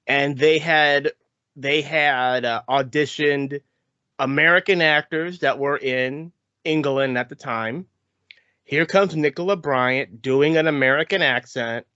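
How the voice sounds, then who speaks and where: Bright-voiced man podcast co-host. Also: on the high side, smooth, no room sound. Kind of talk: casual podcast chat. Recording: dull lo-fi podcast mic.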